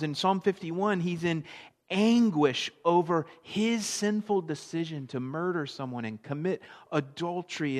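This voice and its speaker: A middle-aged man preaching a sermon to his audience, with a conversational manner and frequent questions to them. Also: on the high side. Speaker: pastor. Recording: long reverb of a large hall.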